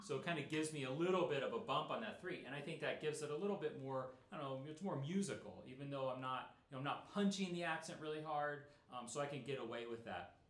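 A middle-aged man teaching snare drum in a relaxed, explanatory way, with many fillers. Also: medium pitch, quick pace, hardly any pauses, reverberant. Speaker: percussion teacher. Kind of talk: instructional talk.

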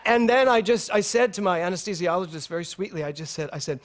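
A man's voice: sits high, quick pace, few pauses. A middle-aged male minister giving a sermon at a spiritual center, telling a personal story with laughter and acted-out dialogue. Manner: animated storytelling, laughing often, acting out dialogue.

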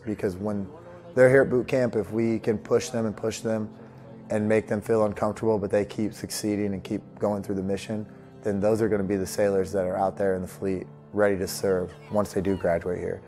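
Man, boot camp staff, documentary interview, low, flat, firm, soft music bed. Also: fairly quick. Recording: faint music underneath.

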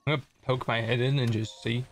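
A man's voice: mid-range voice, steady tone, fast, faint music behind. A young man casually commenting on his gameplay as a streamer, chatting and joking with viewers. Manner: chatty, jokey, reads chat aloud.

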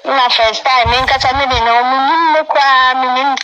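A Ghanaian woman telling her own story in an interview, halting and repeating words, close to tears. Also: high-pitched, steady tone, noisy background.

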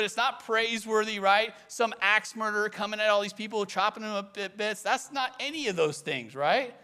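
A man preaching a sermon as pastor, animated and acting out quoted voices. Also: sits high.

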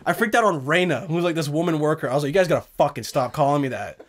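A young man hosting a podcast, telling stories in a loose, animated way, swearing and laughing often. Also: a little high, racing. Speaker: podcast host. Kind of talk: casual chat.

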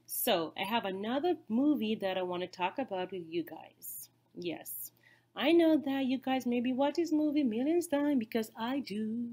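A chatty, excitable woman with a voice a touch higher than most, talking to her channel's viewers. She loops back over her points and keeps throwing questions at the audience. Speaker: YouTube vlogger. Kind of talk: casual chat to camera.

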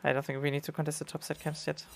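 A man's voice: a little high, monotone, rapid-fire, creaky, soft background music. A man, an English speaker, giving casual gameplay commentary as a streamer, with gamer slang. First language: German.

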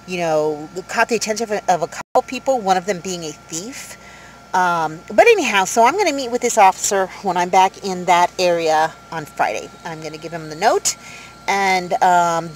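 A woman in her fifties telling a story to camera in a casual vlog, rambling and animated, with many fillers, from inside her van. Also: fairly low pitch, slight background noise, rough recording. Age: 50s. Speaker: vlogger.

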